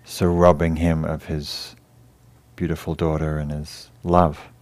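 An English-accented man, working as a meditation teacher, gives a dharma talk in a meditation hall class. His bass voice stays level in tone, and he speaks gently and haltingly, pausing and starting over as he tells a story.

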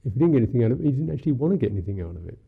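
A male Buddhist monk gives a dharma talk in a wry, unhurried, musing way. His voice is husky with a gravelly edge, sitting at an ordinary pitch for a man. The recording is thin and phone-like. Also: very animated. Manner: musing, unhurried, wry, many "you know" fillers.

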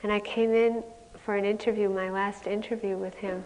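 At a retreat center meditation hall, a woman meditation teacher gives a candid dharma talk full of self-mocking stories that often break into laughter. Her voice is medium-pitched, level and a little mellow at a moderate pace, and the recording carries a long hall reverb.

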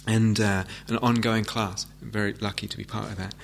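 A man giving a meditation talk, gentle and reflective, with frequent hesitant restarts. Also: lowish voice, little pitch movement, brisk, creaky, slight background noise. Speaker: meditation teacher. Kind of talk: dharma talk. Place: meditation hall with audience.

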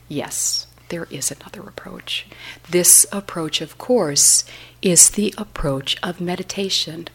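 Breathy, gentle woman meditation teacher. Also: deep voice. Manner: gentle, reflective, often whispery. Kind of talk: dharma talk.

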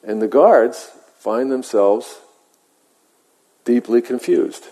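A man, a meditation teacher, telling a story in a measured, reflective way with halting pauses, in a meditation hall. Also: mid-range voice, lively intonation, mellow, slightly rough. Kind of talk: dharma talk storytelling. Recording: long hall reverb.

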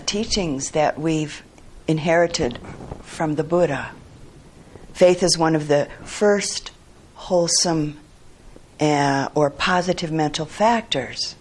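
A woman meditation teacher giving a dharma talk, speaking in a measured, reflective way with pauses. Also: low voice, a little hiss or hum.

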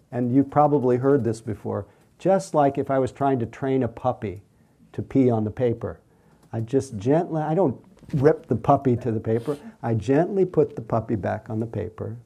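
Very mellow, gentle male meditation teacher. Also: mid-range voice, gravelly, slightly rough. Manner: gentle, unhurried, soothing. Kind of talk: mindfulness talk with questions.

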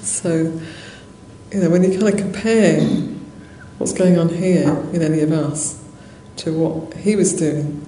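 A Buddhist nun giving a dharma talk in a monastery hall, telling a story conversationally with soft laughs and many fillers. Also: female voice, deep voice, fairly even intonation, measured pace. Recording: roomy hall echo, faint noise.

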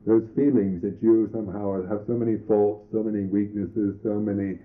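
Monk giving a slow dharma talk, lowish voice, tinny old tape. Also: male voice, little pitch movement. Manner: slow, reflective, halting with restarts. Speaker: Buddhist monk teacher.

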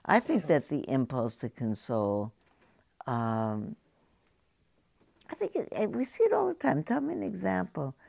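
A woman meditation teacher talks to a group in a conversational, halting way, now and then asking her listeners questions. Her voice has a gravelly edge and sits at a middle pitch. The sound is dry and close, with little room echo. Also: sing-song, darkish tone. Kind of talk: dharma talk to a group. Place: meditation hall.

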